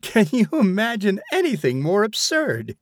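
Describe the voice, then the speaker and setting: A man's voice: fairly high pitch, very animated, a little slow, dry recording, studio quality, voice pushed up. A man reading aloud, voicing a petulant, fretful woman who keeps complaining. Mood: indignant. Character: imperious, fretful woman, a mother.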